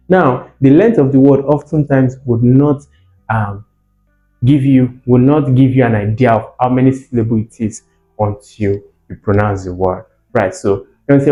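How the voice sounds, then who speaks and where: Slow-talking teacher. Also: male voice, medium pitch, lively intonation, warm tone, muffled recording. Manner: repeats sounds and words for drilling, checks on the viewer. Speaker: English teacher. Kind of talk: exam-prep phonetics lesson. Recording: roomy echo with faint music.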